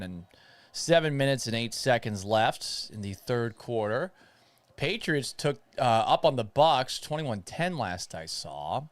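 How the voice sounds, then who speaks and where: A man's voice: mid-range voice, smooth, no echo. Man rambling through live game commentary. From Florida. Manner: rambling, reads viewer chat, play-by-play asides. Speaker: sports talk host. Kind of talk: casual live watch-party commentary.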